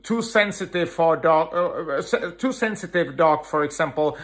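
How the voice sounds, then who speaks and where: A man giving an earnest dog-training lecture, talking in halting phrases full of "uh" fillers. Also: a little high, lively intonation, a bit bright. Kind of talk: instructional lecture.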